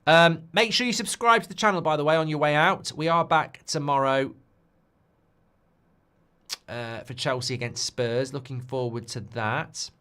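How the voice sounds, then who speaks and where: A man's voice: a little high, moderate pace, sharp tone, clear, resonant tone. A man hosting a live football watchalong stream, chatting off the cuff and answering viewer requests. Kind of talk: live-stream casual chat.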